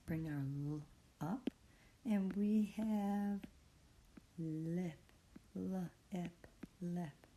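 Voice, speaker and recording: A woman teaching a phonics reading lesson, patiently sounding out words and praising the learner in a soft, encouraging way. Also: fairly low pitch, drawn-out words, pauses often, slight background noise.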